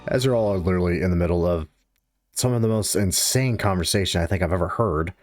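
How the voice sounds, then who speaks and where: Man running a tabletop game, quick. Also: sits low, darkish tone, soft background music. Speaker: game master.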